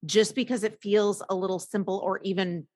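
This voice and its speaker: A woman in her forties or older, a coach talking as a podcast guest. She speaks slowly and with emphasis, repeating her points. The recording is dry and close. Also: mid-range voice, fairly even intonation, a little mellow, no room sound. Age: 40s or older. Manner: slow, emphatic, repeats phrases. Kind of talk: casual podcast conversation.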